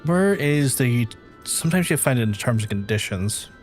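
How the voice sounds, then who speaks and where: A man with a Northern Irish accent talks through a gaming stream in a middle-range voice, rambling from one gripe to the next. He slides into exasperated mock rants, with soft game music playing faintly underneath. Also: mid-range voice, animated, normal speed. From Northern Ireland. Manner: rambling, exasperated ranting with mock-outraged quoted asides. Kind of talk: casual gaming-stream chat.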